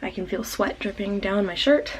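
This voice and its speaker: At a moderate pace and medium pitch, a late-teen Canadian woman talks through her video diary, full of "like" and "um." She rambles casually, and there's a slight hiss or hum in the audio.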